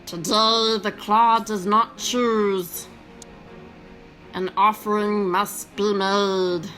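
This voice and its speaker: A woman reading out the lines of a small alien figure from a mobile game, in a slow, grave and ceremonial way. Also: mid-range voice, flat delivery, bright, forceful tone, soft background music, rough recording. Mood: solemn. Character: small solemn alien, speaks like a prophet. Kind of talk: reading game dialogue aloud.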